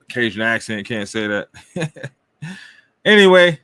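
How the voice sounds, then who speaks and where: His voice sits lowish but swoops wildly in pitch, pushed and bright, at a measured pace in a dry recording. This podcast host rambles loosely through casual fantasy football talk, full of questions, shrugging asides, "right?" and "I don't know."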